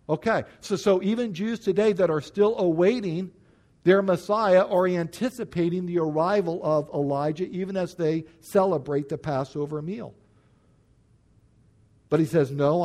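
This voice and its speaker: Preacher guy walking through scripture, kinda high voice, leans hard on key words. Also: darkish tone. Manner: expository, explaining scripture verse by verse. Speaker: pastor. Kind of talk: sermon.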